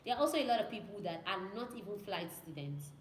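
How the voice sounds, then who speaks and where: This student pilot, a young woman, talks fast in a mid-range voice with lively intonation while casually fielding questions from viewers. She repeats herself and acts out radio calls. Slight background noise and faint ambience fill an echoey room.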